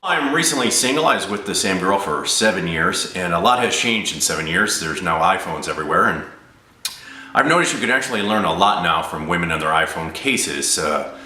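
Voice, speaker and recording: A man, an improv comedian, doing a stand-up audition set with deadpan storytelling. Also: low-pitched. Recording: roomy echo.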